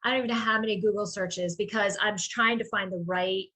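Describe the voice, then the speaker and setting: A woman who runs a small business, chatting casually on a group video call and telling a rambling, animated story. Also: medium pitch, a little fast.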